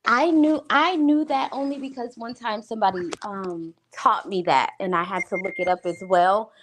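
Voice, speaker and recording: Thoughtful woman co-host, measured. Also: mid-range voice, fairly bright tone, slight background noise. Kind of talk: casual radio talk show chat.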